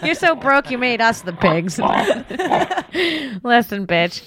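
A woman's voice: fairly high pitch, very animated, takes it slowly, a bit bright. A woman co-hosting a podcast, crudely roasting listeners with lots of laughter. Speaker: podcast co-host. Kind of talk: casual comedic roast.

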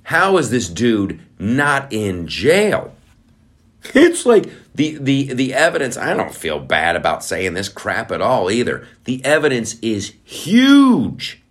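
A man's voice: mid-range voice, wildly swooping pitch, slow. A male podcast host in a casual political rant, profane and fired up.

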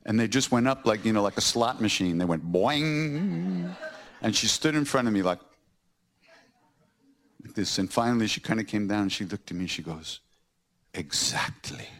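A man's voice: lowish voice, a little fast, pauses often. A man hosting a podcast, recounting personal stories and acting out the scenes with laughter. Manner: animated, acts out scenes with laughter. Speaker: podcast host.

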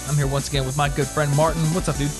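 A young man from Iowa hosting a podcast, telling stories in a loose, animated, rambling way with frequent restarts. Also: a little high, racing, music in the background. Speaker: podcast host. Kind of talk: casual chat.

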